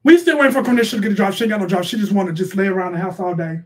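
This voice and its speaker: A man playing a loud, bossy middle-aged mother who rants and scolds in slangy speech for a comedy sketch. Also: sits high, racing, far from the mic, close to an everyday voice. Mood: sassy. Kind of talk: improvised comedy sketch, live-stream parody.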